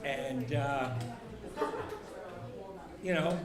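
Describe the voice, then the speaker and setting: Male stand-up, deadpan storyteller, live crowded echoey room. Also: medium pitch, drawn-out words, a loud crowd. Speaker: stand-up comedian. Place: live comedy show before an audience.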